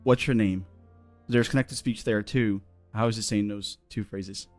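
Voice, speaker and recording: A man's voice: fairly low pitch, steady tone, a little slow, no room sound. A man co-hosts an English lesson, quoting clips and asking his partner questions. The sound is dry and close. Faint music sits in the background. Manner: asks questions, quotes clips. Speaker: co-host, English teacher. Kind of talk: casual teaching chat.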